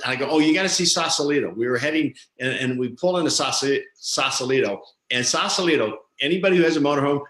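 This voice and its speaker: Male talk show co-host, lively storyteller, bright tone, roomy sound. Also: medium pitch. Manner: animated storyteller, acts out quoted voices.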